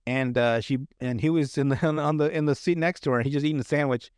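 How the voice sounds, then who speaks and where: A man's voice: a little high, fast talker, clean tone, no room sound. Man, podcast host, rambling casual recap, filler words, dry close mic. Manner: rambling with many fillers and restarts, laughs often.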